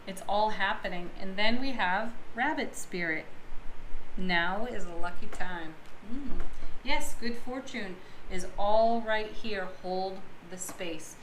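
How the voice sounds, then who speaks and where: A woman giving a daily tarot reading to viewers, with soft, drawn-out affirmations and breathy little laughs. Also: mid-range voice. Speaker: tarot card reader. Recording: echoey room with clear background noise.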